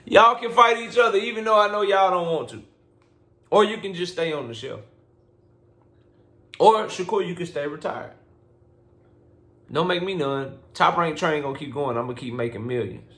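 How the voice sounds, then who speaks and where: A man's voice: on the high side, animated, normal speed, pauses often, a bit bright. A man voicing a petty, scheming older male boxing promoter who talks in a smug, mocking way. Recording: roomy echo.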